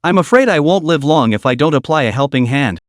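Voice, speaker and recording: Calm young male cultivator healer, read by a man, higher voice, plain level delivery, dry sound. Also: brisk, dry recording, lightly acted. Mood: worried.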